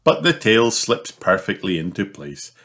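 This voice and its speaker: A man reading a children's storybook aloud, in a slow, expressive, sing-song way. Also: low-pitched, background noise. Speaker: storybook reader.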